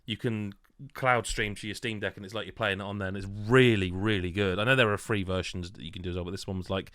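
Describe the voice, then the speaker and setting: Articulate British man, low dry voice. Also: fairly even intonation, fast, fairly bright tone, clean tone, no echo. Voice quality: articulate, radio-host voice. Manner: rambling, self-deprecating. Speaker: podcast host. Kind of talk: casual chat.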